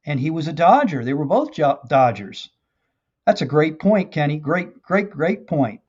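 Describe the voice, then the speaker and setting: A man's voice: fairly high pitch, very animated, moderate pace, darkish tone, breathy edge. A man hosting a live stream, telling a joke story in a folksy, rambling way with lots of fillers, then chatting with viewers. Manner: folksy, rambling, many "you know" fillers. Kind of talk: casual storytelling and motivational chat. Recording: dull lo-fi stream audio.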